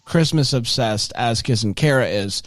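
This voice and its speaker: A man's voice: medium pitch, normal speed, dry recording. A man co-hosting a podcast, recapping a movie in a joking, rambling way. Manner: joking, rambling, playful asides. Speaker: podcast co-host. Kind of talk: casual chat, movie recap.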